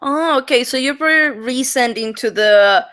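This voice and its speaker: A young woman with a Mexican accent hosting a casual video-call chat, animated and laughing often between her words. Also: high voice, normal speed. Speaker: host.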